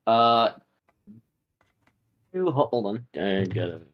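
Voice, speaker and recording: A man narrating as game master of a tabletop game, quick and stammering, slipping into put-on voices. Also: fairly low pitch, lively intonation, lo-fi sound, slight background noise.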